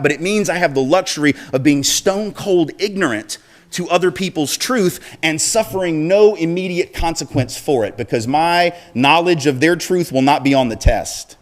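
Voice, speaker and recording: A middle-aged man giving a speech, telling a personal story in an easy, conversational way. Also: on the high side. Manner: conversational storyteller, acts out quoted voices. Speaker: speaker.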